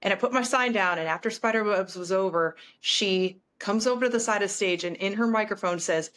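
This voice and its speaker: A woman singer, a guest on a podcast, excitedly retelling a story with lots of restarts. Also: mid-range voice, fairly quick. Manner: animated, breathless retelling with frequent "like" and restarts. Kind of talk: excited storytelling in casual chat.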